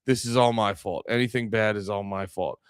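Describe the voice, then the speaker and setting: Male streamer host, heated profane rant, smooth resonant voice, dry close sound. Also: on the low side, fairly even intonation, fairly quick, dry recording. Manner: angry, profane, rambling with frequent restarts. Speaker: livestream podcast host. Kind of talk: ranting livestream talk.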